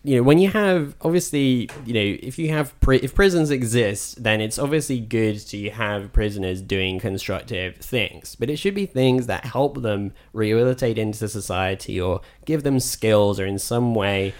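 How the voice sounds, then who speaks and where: A man's voice: on the low side, moderate pace, few pauses. A man co-hosting a podcast, chatting casually and swearing now and then. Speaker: podcast co-host. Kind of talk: casual chat.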